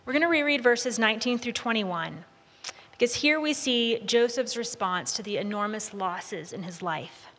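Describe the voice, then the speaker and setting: A woman's voice: on the high side, moderate pace. Woman teaching a group in a reverberant hall. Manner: relaxed, invites answers from the group. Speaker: Bible study leader. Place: large room with a group. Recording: long reverb of a large hall.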